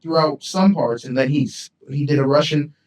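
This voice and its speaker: A man's voice: fairly high pitch, normal speed, echoey room, recorded from a distance, rough recording. A man co-hosting a casual podcast, rambling and repeating himself, dropping slang like "you feel me". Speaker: podcast co-host. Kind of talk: casual chat.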